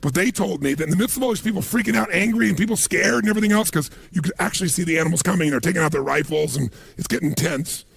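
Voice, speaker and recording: A middle-aged motivational speaker races through a seminar talk in a high, slightly rough voice with vocal fry and barely a pause, animatedly telling stories and acting out the voices of people he quotes.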